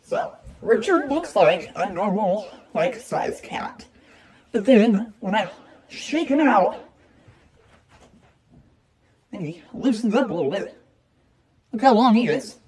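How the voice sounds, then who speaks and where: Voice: mid-range voice, sing-song, slow pace, pauses often, a crowd in the background. A person casually showing off their cat in a video, chatty and amused. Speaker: cat owner. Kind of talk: casual pet video narration.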